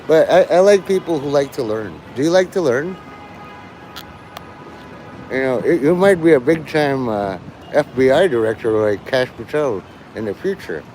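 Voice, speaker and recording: A man's voice: medium pitch, animated, moderate pace, a little mellow, soft background music. A man livestreaming, rambling and teasing his chat, breaking into mock-angry, swearing rants.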